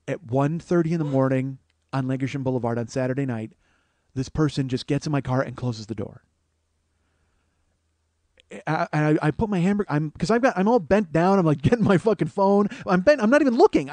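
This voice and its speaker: A man's voice: on the high side, darkish tone, no echo. A man hosting a podcast, telling a rambling, profane comic story that gets more and more worked up. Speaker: podcast host. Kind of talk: comedic storytelling monologue.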